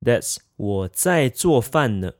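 Slow, careful male language teacher. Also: medium pitch, sing-song, a little mellow, no room sound, studio quality. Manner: slow, careful, repeats each example phrase twice. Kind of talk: scripted language lesson.

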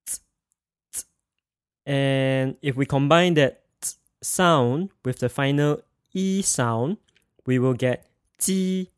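A man's voice: mid-range voice, clean studio sound. A man teaching a pinyin pronunciation lesson, speaking carefully and repeating sounds for students to echo. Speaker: language teacher.

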